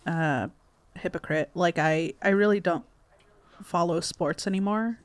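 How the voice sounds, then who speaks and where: A woman's voice: on the low side, measured pace, no room sound. A woman co-hosting a podcast in casual chat, hesitant, with many fillers and restarts. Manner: hesitant, many ums and restarts, laughs easily. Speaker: podcast co-host.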